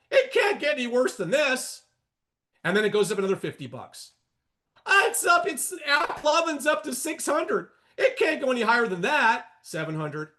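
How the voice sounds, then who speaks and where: High-voiced emphatic man teaching trading. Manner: emphatic, animated, sarcastic asides; addresses viewers directly as "people". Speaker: trading educator. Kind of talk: market analysis lesson.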